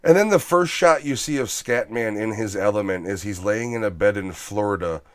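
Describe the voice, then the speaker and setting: A man hosting a casual movie review podcast, animated and swearing freely as he riffs on scenes. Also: lowish voice, normal speed, no room sound, studio quality. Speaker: podcast host.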